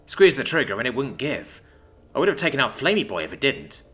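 A man voicing a brash, hot-headed young human man who speaks bluntly in a low mutter. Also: sing-song, a little fast, bright, forceful tone.

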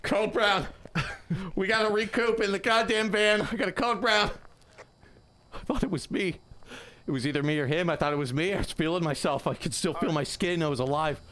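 A man streaming a co-op ghost game with friends, joking loudly and laughing. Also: sits high, a little fast. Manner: joking, yells and laughs when scared. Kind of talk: casual gaming banter. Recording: noisy background.

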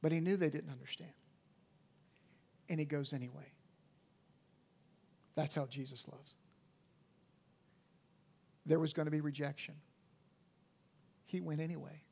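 A man in his fifties, a pastor preaching a sermon in a church, swinging from hushed to loud emphatic peaks and repeating words as he restarts. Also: a little high, fairly even intonation, measured pace, creaky, pauses often, breathy edge. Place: church sanctuary at a live service.

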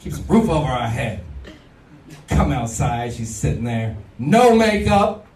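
Guy doing standup real slow, deadpan, noisy far-off club mic. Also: mid-range voice, echoey room. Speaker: stand-up comedian. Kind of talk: stand-up comedy set.

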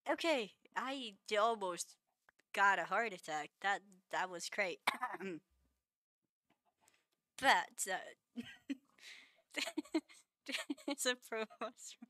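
Woman streaming a game, slow easy talk, bright tone, laughs a lot and scolds chat jokingly. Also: medium pitch, animated, no echo. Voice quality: laughs often, playful mock-scolding. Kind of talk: casual live-stream chat with viewers.

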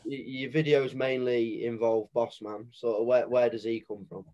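A man's voice: mid-range voice, flat delivery, normal speed, warm tone, lo-fi sound. A young man hosting an interview, asking questions hesitantly and often stumbling and restarting his words. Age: young adult. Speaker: interview host.

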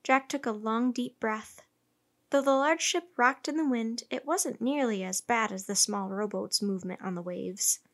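A woman's voice: on the high side, moderate pace. Woman reading a children's book aloud. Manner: steady, clear narration. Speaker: storyteller.

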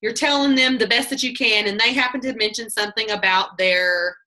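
Casting note: bright, lively woman telling stories during a team pep talk on a video call. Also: a little high, a little fast. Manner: chatty, animated, acts out quotes, laughs often. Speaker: team leader giving a sales training talk.

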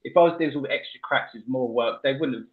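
A man hosting a casual radio show, telling stories with animated energy and frequent laughter. He stumbles and restarts as he talks. The audio is slightly muffled and lo-fi. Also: medium pitch, fast. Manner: animated storyteller, laughs often, restarts mid-sentence.

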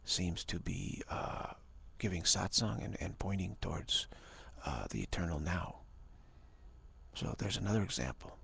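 A man speaking as a spiritual teacher in an informal talk. He talks haltingly, repeats words and often drops to a half-whisper. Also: low-pitched, vocal fry, a bit bright, husky.

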